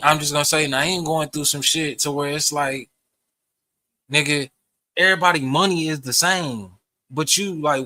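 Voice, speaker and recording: A man's voice: fairly high pitch, pushed and bright, no room sound. A young man, ranting profanely to camera in a heated, rambling way. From Texas. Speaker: vlogger. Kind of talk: casual rant to camera.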